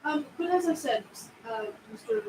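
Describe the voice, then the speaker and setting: Woman voicing a genteel frontier lady, formal, high voice, echoey room, distant mic. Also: lively intonation, moderate pace, noisy background. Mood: polite. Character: prim, polite woman traveler in 1800s.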